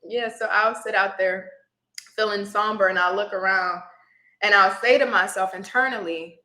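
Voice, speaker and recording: A woman's voice: medium pitch, normal speed, sharp tone, reverberant, poor audio. A woman tarot reader, a guest in an interview, telling her personal story in a reflective way and becoming teary at times. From Houston area.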